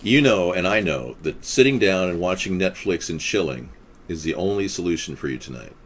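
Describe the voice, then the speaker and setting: Deep-voiced deadpan man hosting a livestream. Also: brisk, a little hiss or hum. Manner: deadpan, mock-guru musing. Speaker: livestream host. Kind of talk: casual livestream chat.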